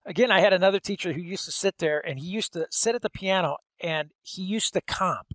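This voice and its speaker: A man's voice: high-pitched, brisk, a bit bright, no room sound. A man hosting an interview, engaged and affirming, telling his own stories between questions. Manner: engaged, frequent affirmations, storytelling. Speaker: interview host. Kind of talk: conversational interview.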